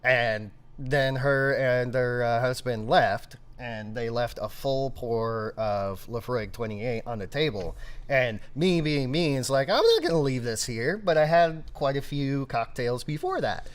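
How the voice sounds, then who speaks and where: A man co-hosting a casual brewery chat, jokey and animated, with loud bursts. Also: medium pitch, unhurried, clear, resonant tone. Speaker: brewery podcast co-host.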